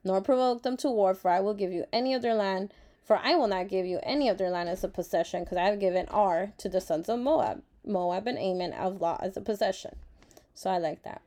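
Mellow-voiced woman sharing a devotional. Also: medium pitch, a little fast. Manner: reflective, earnest, with frequent fillers; openly emotional and grateful. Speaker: Bible study vlogger. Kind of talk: casual Bible devotional reading.

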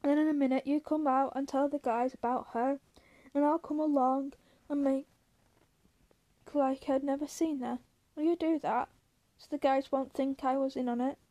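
A woman's voice: high voice, steady tone, moderate pace, mellow, lightly acted. A woman reading aloud voices a hardened male ranch hand who speaks bluntly and grimly. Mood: urgent.

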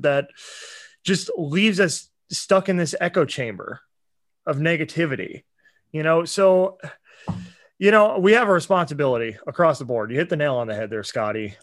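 A man's voice: a little high, normal speed, fairly bright tone, no room sound, studio quality. A man co-hosting a podcast, talking in an earnest, impassioned, preachy way in casual chat. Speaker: podcast co-host.

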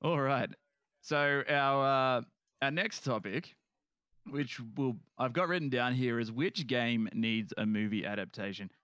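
A man's voice: mid-range voice, unhurried, a bit bright, clean tone, no room sound. A man hosting a casual podcast, telling stories and laughing often. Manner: chatty storyteller, laughs often. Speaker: podcast host.

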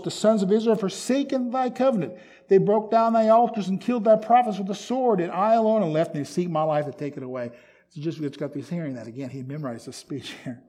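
A man preaching a sermon, reading scripture aloud and commenting on it, swinging from loud emphatic stresses to soft whispers. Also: a little high. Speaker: pastor.

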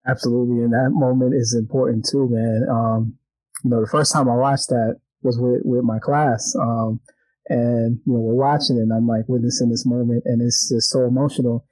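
A man's voice: medium pitch, level tone, normal speed, no echo, poor audio. Conversational man, dry close sound. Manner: warm-hearted, conversational, says "man" and "you know what I'm saying" often. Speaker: host, teacher. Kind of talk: casual conversation.

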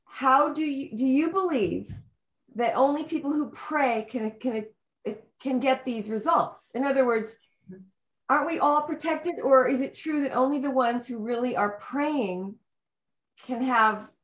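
A woman co-hosting a video call chat, asking a question haltingly. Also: high voice, reverberant, low-quality recording.

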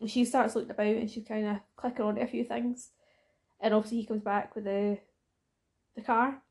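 Scottish woman, fairly high voice, casual podcast chat, teasing, swears a lot, interrupts. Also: flat delivery, fairly quick, a little mellow. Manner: brash and teasing, swears freely, cuts in often. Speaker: podcast co-host.

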